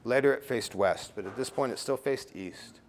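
A man's voice: mid-range voice, moderate pace, big-room sound, a little hiss or hum. A middle-aged man sharing his recovery story at a meeting, blunt and casual, swearing and tossing in "you know" and "right.".

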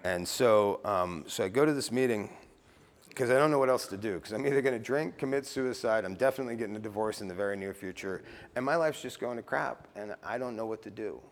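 A man's voice: fairly low pitch, brisk, big-room sound. A middle-aged man sharing his recovery story at a meeting, blunt and casual, swearing and tossing in "you know" and "right.".

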